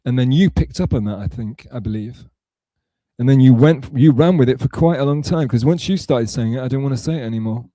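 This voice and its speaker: A man's voice: mid-range voice, brisk, mellow, dry recording. A man streaming live, reading chat messages aloud and answering in a rambling, sarcastic way with many restarts.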